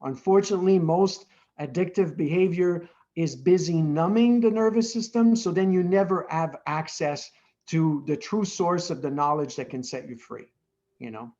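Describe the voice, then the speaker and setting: A man explains his views at length as an interview guest, earnest and patient. He keeps checking in with "right?" His voice sits somewhat high, and the recording sounds a little dull. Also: normal speed, warm tone. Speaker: guest, addiction treatment founder.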